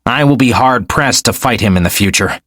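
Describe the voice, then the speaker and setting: A man's voice: medium pitch, brisk, fairly bright tone, no echo, studio quality, voice pushed up, close to an everyday voice. A man voicing a resentful, scheming young nobleman who speaks tensely through gritted teeth. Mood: bitter. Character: ambitious young male noble, bitter and scheming.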